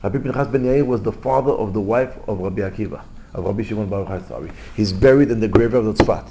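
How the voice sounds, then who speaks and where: A rabbi giving an informal Torah lesson, telling stories in lively, non-native English. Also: male voice, fairly low pitch, quick pace, background noise. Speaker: rabbi teaching a class.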